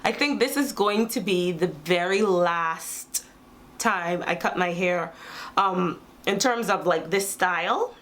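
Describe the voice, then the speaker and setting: A woman's voice: on the low side, slow, a bit bright. Woman, nasal, getting over a cold, chatty vlogger, sassy asides. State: has a cold. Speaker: beauty vlogger. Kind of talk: casual chat to camera.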